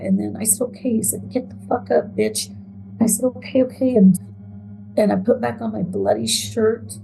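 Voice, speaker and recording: A woman telling her own story in a halting, hesitant way, with pauses and repeated words. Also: extremely low pitch, vocal fry, dark tone, low-quality recording. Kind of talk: emotional first-person account.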